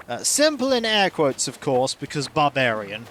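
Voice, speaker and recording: A streamer casually commenting on gameplay, playful, with quiet asides. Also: medium pitch, normal speed, slight background noise. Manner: playful, animated, drops to soft asides.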